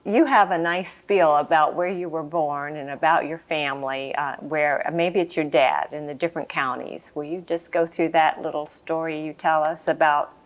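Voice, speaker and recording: A woman interviewer gently prompting her guest with questions for an oral history. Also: sits low, steady tone, normal speed, few pauses.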